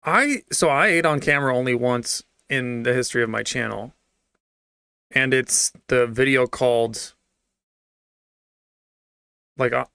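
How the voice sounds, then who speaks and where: A man's voice: mid-range voice, gravelly, sharp tone, clear, resonant tone, no echo, clean studio sound. A man giving casual reaction commentary, blunt and sarcastic, swearing freely. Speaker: streamer reacting to videos.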